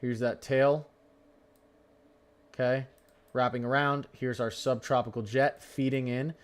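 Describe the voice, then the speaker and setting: A man's voice: mid-range voice, level tone, measured pace, clear, resonant tone. Chatty young man hosting a weather stream. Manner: chatty, rambling, stumbles over place names. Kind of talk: live weather stream commentary.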